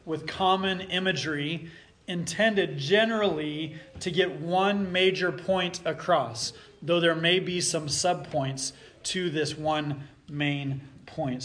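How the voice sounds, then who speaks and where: A man preaching a sermon as pastor, earnest and deliberate, with emphatic phrasing. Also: a little high, a bit bright.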